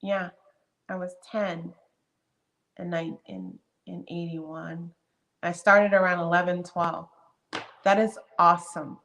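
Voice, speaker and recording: A woman's voice: fairly low pitch, measured pace, a bit bright. A woman in her fifties hosting a live stream, chatting casually and greeting viewers one by one by name. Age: 50s. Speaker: livestream host.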